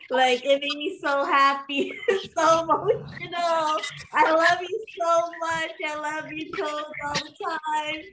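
A tearful woman speaks in a high voice, slow and emotional, as she shares in a group circle. Clear background noise sits behind her. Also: fairly even intonation, sharp tone, echoey room, far from the mic, rough recording. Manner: emotional, halting. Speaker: participant.

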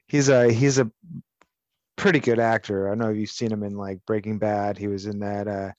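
A man's voice: fairly low pitch, flat delivery, moderate pace, darkish tone, no echo, lo-fi sound. A man co-hosting a podcast, chatting casually, rambling and swearing, with strong opinions. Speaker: podcast co-host.

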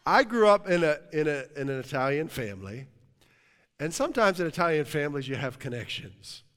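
A middle-aged man preaching from the pulpit, his voice slightly higher than most men's. He tells stories in an animated, joking manner. His words ring out with a long reverb from the church hall. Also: fairly quick. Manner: animated storytelling, jokes and laughs with the congregation. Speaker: pastor. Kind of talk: sermon. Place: church sanctuary.

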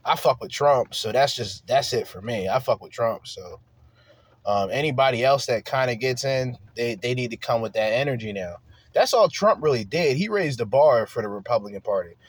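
Expressive and slightly rough, a man's medium-pitched voice moves at a moderate pace with no room sound. He hosts a podcast and delivers a solo rant, profane, heated and emphatic, full of rhetorical questions.

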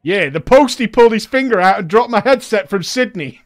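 A man's voice: sits high, animated, brisk. A man voicing an English teen who fakes an Australian accent, with a clumsy, overdone put-on twang. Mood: chirpy.

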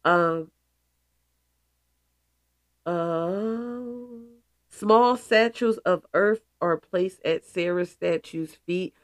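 A congested, stuffy-voiced woman hosts a spiritual show, talking slowly and leaning hard on key words. She drops playful asides between her points, and her voice sounds close and dry with no room around it. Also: fairly low pitch, dry recording. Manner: emphatic, playful asides, calls listeners goddesses. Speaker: spiritual podcast host. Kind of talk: casual spiritual talk.

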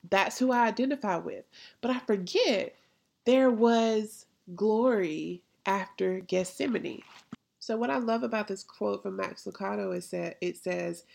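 A woman's voice: medium pitch, a little slow, vocal fry, a little mellow, a little hiss or hum. A woman hosting a faith podcast, preaching in a conversational way and often asking "right?". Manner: conversational preaching with rhetorical questions. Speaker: podcast host.

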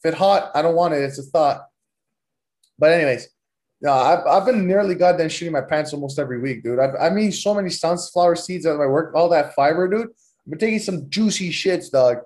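A man's voice: a little high, a little fast, darkish tone. Young man telling crude rambling stories. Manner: profane, rambling, loose and joking. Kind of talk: casual storytelling.

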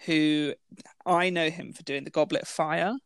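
A woman co-hosting a casual film review chat, giggly and full of quick asides. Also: sits low, fairly even intonation, clear, resonant tone, dry recording, clean studio sound. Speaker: podcast co-host.

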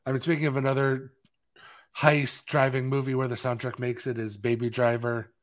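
A man's voice: medium pitch, little pitch movement, moderate pace. A man co-hosting a live film podcast in a casual, rambling chat full of fillers. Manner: rambling, chatty, with many fillers. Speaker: podcast co-host.

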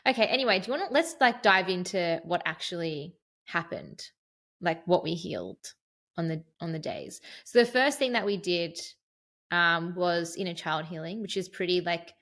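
A young woman with a lowish voice chats candidly as a podcast co-host. She talks freely and openly, and drifts off on tangents. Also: expressive, normal speed, a bit bright. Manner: chatty, candid, tangent-prone. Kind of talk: casual chat.

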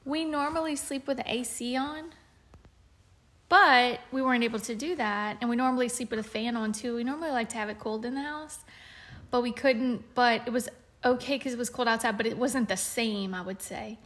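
Woman cohosting a podcast, chatty, lots of ums, voice on the higher side. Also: brisk, a bit bright. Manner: chatty storytelling with fillers and restarts. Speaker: podcast co-host. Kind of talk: casual chat.

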